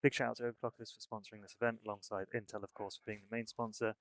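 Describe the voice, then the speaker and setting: A young man commentating a live esports match, upbeat and brisk, moving smoothly into sponsor shout-outs. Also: lowish voice, little pitch movement, dry recording. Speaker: esports caster.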